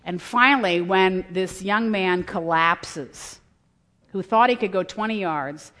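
A woman's voice: medium pitch, takes it slowly, a bit bright. Woman preaching in a reverberant hall. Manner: earnest storytelling, voices quotes. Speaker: women's conference speaker. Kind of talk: sermon.

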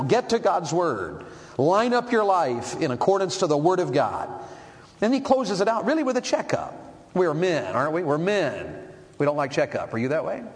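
A middle-aged man preaching to a congregation in a folksy, question-asking way. His voice sits a little higher than most men's. A long reverb from a church hall trails behind every line. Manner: folksy, asks the crowd questions. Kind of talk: sermon.

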